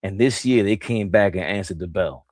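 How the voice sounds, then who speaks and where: A man co-hosting a casual basketball talk show, animated and joking, laughing in the middle of his sentences. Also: normal speed, dry recording. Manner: animated, laughs mid-sentence, swings between loud and low. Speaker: co-host.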